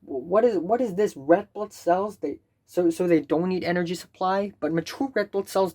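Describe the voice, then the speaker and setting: A woman's voice: on the low side, normal speed, hardly any pauses, dark tone. A young woman student ranting in a vlog, exasperated, stammering repeated words and swearing often. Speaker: student vlogger.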